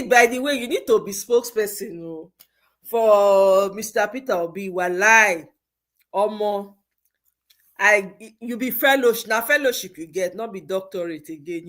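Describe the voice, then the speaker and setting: A Nigerian woman hosting a casual livestream chat, slipping into Pidgin and laughing as she reads viewer comments. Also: medium pitch. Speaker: livestream host.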